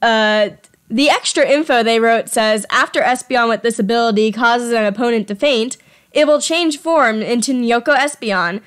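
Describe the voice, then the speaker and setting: A woman's voice: a little high, normal speed. Chatty young woman narrating her art. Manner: chatty, self-deprecating, trips over words. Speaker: artist presenting her fan creature designs. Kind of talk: casual voice-over while drawing. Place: home.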